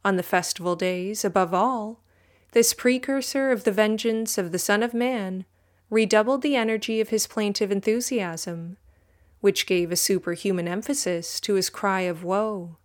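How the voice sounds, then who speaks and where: A woman reading a religious history text aloud in a measured, solemn way, speaking the footnote citations too. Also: medium pitch. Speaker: audiobook reader.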